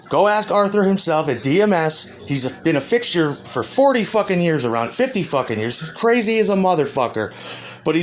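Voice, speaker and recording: Profane, animated man ranting. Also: a little high. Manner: profane, combative, rambling. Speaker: musician. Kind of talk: ranting monologue.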